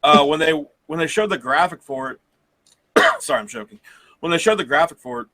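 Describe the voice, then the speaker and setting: Bright, tense-voiced man in casual chat. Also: a little high, lively intonation, quick pace, no echo. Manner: rambling, laughs often. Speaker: podcast co-host. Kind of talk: casual wrestling review chat.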